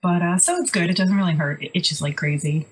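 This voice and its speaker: A woman's voice: fairly low pitch, a little fast, over a noisy crowd, low-quality recording. A woman co-hosting a podcast, telling stories in a chatty, wry, casual way. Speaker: podcast co-host. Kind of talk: casual chat.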